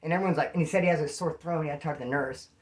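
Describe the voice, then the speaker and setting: Fast-talking man telling stories in slang. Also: a little high. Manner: slangy, rambling, acts out quoted dialogue. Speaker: former prisoner telling prison stories. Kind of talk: casual first-person storytelling.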